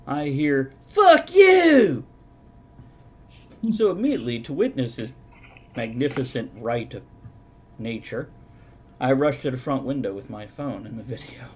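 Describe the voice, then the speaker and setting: Sarcastic male streamer host, mid pitch, faint rumble behind. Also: lively intonation, moderate pace, darkish tone. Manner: sarcastic, mock-documentary storytelling. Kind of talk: casual chat on a live stream.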